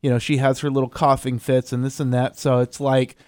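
A man co-hosting a local radio talk show, talking easily with halting restarts and laughs. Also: mid-range voice, level tone, darkish tone, dry recording, clean studio sound. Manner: easygoing, halting, laughs often. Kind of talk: casual radio chat. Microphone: studio microphone.

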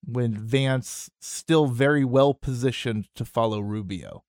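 A man's voice: mid-range voice, slow, a little mellow, no room sound. A man co-hosting a political talk radio show, talking in a conversational, wry way on a studio microphone. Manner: conversational and wry, with short chuckles.

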